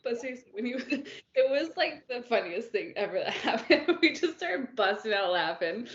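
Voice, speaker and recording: A woman's voice: fairly high pitch, very animated, moderate pace, slight background noise. A woman chatting casually about books as a podcast co-host, telling stories and laughing often. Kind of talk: casual book chat. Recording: roomy, dull lo-fi sound.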